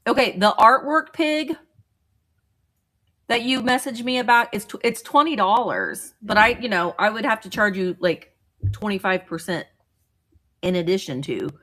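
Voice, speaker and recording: A woman's voice: medium pitch, animated, normal speed, pauses often, a bit bright. A woman hosting a casual livestream, chatting loosely with viewers, greeting them by name and rambling with frequent restarts. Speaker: vintage seller livestream host.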